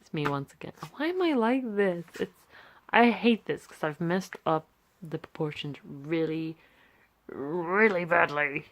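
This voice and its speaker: A woman's voice: lowish voice, expressive, measured pace, slight background noise. A young British woman talking casually through her sketchbook, chatty and self-deprecating, rambling between pages on a phone camera. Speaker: vlogger.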